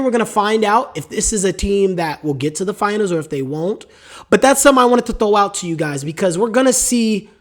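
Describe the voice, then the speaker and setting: A man hosting a solo sports podcast, talking casually with strong opinions and a rambling, repetitive way of speaking, while he has the hiccups. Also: high-pitched. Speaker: podcast host.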